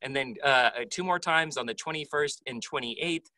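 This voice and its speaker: Bright, enthusiastic young male host. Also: a little high, normal speed, dry recording, rough recording. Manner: enthusiastic, affirming. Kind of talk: casual interview chat.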